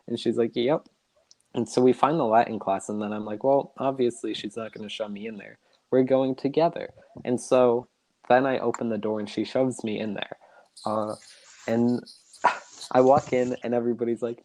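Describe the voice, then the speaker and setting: A teenage boy telling a school story in a casual podcast chat, animated and laughing as he goes. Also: medium pitch, normal speed, no echo. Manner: animated storyteller, laughs through his stories. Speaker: podcast co-host.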